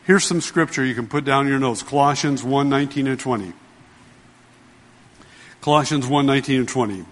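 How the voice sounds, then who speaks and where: A man's voice: mid-range voice, big-room sound. A man preaching a sermon, emphatic, repeating key phrases and putting questions to his listeners, whom he calls "dear ones.". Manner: emphatic, asks the congregation questions. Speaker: pastor.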